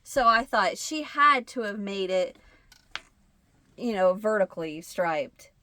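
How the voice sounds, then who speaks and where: Bright, chatty Midwestern woman. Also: animated, slow pace. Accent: Midwestern American. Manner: rambling storytelling, acts out dialogue in a higher voice. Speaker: crochet channel host. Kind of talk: casual chat to camera.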